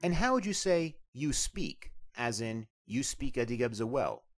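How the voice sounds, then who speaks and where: A man's voice: mid-range voice, very animated, measured pace. A man teaching a beginners' language lesson, asking questions and then repeating each answer twice, patiently.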